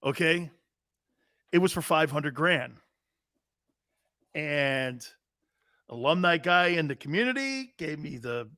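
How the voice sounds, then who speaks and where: A man in his fifties hosts a sports talk show and tells a rowdy story in a brash, swearing, animated way. His voice sits a bit high for a man. The sound is close and dry, with no room echo. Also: slow pace, pauses often. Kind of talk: casual storytelling.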